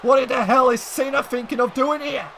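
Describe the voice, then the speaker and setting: A man giving excited play-by-play commentary on a wrestling video game, often shouting and addressing the audience as ladies and gentlemen. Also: extremely high pitch, a little fast, a little hiss or hum.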